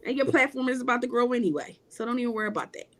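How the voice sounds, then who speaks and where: A woman's voice: fairly high pitch, rapid-fire. Emphatic woman preaching in casual talk. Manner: emphatic, repetitive preaching cadence. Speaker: guest. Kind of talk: casual spiritual talk on a livestream panel.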